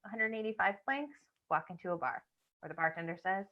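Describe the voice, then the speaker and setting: A woman's voice: fairly low pitch, normal speed, dull audio. A woman hosting an online improv show over a video call, with upbeat emcee patter.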